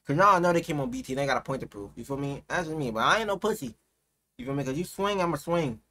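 Slangy, animated young-sounding male reactor. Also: on the high side, fast. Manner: animated, swings to loud excited outbursts; slangy, keeps saying "you feel me". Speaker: reaction video host. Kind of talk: casual reaction commentary.

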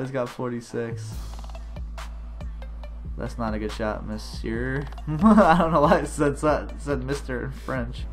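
A man giving casual, excitable gameplay commentary as a gaming channel host, cheering and shouting at plays and dropping slangy banter. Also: medium pitch, a little slow, pauses often, soft background music.

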